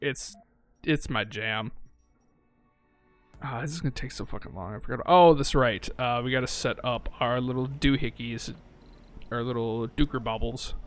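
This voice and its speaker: A man's voice: mid-range voice, moderate pace, pauses often, faint music behind. A man giving casual gameplay commentary, thinking aloud and correcting himself, with frequent swearing. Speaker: let's-play gamer.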